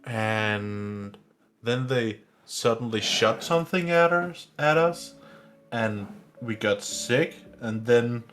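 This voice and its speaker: A man's voice: medium pitch, expressive, slow, fairly bright tone, slight background noise. A man playing a tabletop role-playing game, recapping events in a rambling way. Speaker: player.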